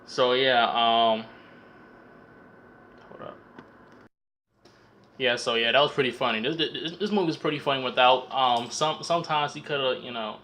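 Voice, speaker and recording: A young man with a bright, forceful voice rambles through a casual film recap, full of slang and swearing. He stumbles and repeats words as he talks, at a middle pitch for a man. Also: moderate pace, pauses often, a little hiss or hum. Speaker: vlogger reviewing a film. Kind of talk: casual profane comedic movie recap.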